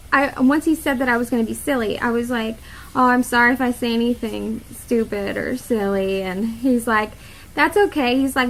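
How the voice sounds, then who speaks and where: A woman's voice: a little high, a bit bright, poor audio. A young woman telling a story to the camera in a casual vlog, chatty, with many fillers and laughs. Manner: chatty, many fillers and quoted inner thoughts, laughs often. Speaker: vlogger.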